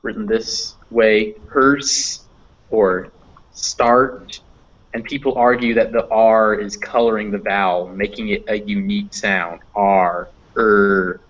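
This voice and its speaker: A man's voice: on the low side, steady tone, slow pace, a bit bright. A man teaching English phonetics in a live online class, explaining patiently with fillers over a computer mic. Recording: dull lo-fi online class audio.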